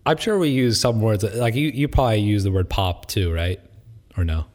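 A man from the American Midwest hosts a podcast on legal news in business. His voice sits low, and he chats in a friendly way, quick to laugh. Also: a little mellow. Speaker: podcast co-host and lawyer. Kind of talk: casual chat.

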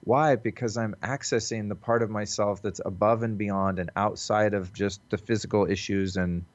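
At a normal speed and with fairly even intonation, a man with a low-leaning voice speaks as a podcast guest over a call. He's earnest and reflective yet casual, swearing freely, and the call audio sounds dull and lo-fi.

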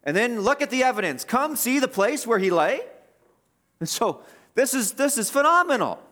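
A man preaching a sermon, swinging between loud emphatic bursts and hushed passages, and asking his listeners questions. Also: very high voice, very animated, moderate pace.

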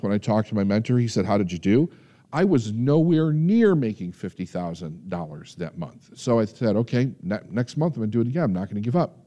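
A man telling a personal success story as a motivational speaker, acting out the voices in his dialogue with dramatic pauses. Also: mellow. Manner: storytelling, acts out quoted dialogue with shifting pitch and dramatic pauses. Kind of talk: personal story told to an audience.

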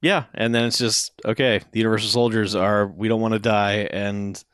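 A man's voice: lowish voice, steady tone, normal speed, a bit bright, clean tone, dry recording, studio quality. A man co-hosting a podcast, recapping a movie in casual chat, sarcastic and laughing often. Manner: sarcastic, laughs often while recounting scenes. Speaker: podcast co-host.

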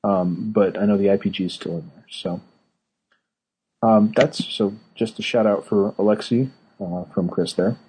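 A man's voice: on the low side, fairly even intonation, normal speed, warm tone, a little hiss or hum, poor audio. A man co-hosting a casual podcast, explaining game rules with many fillers and restarts. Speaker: podcast co-host, card game judge. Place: Northern California.

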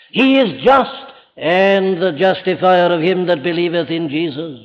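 Slow, emphatic Welsh preacher, high voice. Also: male voice, animated. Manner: slow, emphatic, rising to impassioned cries. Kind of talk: sermon. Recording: dull archival recording in a reverberant hall.

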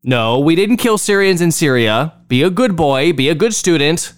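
A male host delivers political commentary with heavy sarcasm, mocking phrases by repeating them over and over. His voice sits a little high and swings widely in pitch, rising sharply when he gets animated. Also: moderate pace, clean tone.

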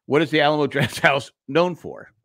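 A man's voice: fairly high pitch, lively intonation, normal speed, fairly bright tone, no room sound. A man in his sixties spins a story for his podcast co-hosts, and his voice swings up and down as he goes. He acts out the other people's lines as he tells it. The sound is dry and close to the mic. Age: 60s. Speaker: podcast co-host. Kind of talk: casual storytelling chat.

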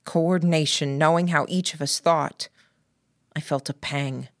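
A woman narrates an audiobook with a low, unhurried voice. Her reading is measured and even, and the sound is close and dry. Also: dry recording. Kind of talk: scripted narration.

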